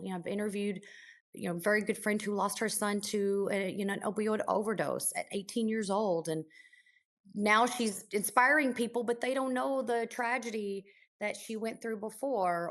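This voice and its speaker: A woman's voice: medium pitch, a bit bright. A woman who works as an ICU nurse, a guest on a podcast, telling stories from her work in an earnest, emotional way, with many restarts and fillers. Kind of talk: conversational interview storytelling.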